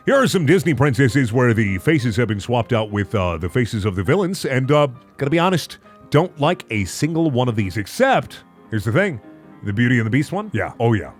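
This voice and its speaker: A man's voice: medium pitch, big pitch swings, fairly quick. A man doing comedic reaction commentary, mock-outraged and stammering over repeated words. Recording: faint background music.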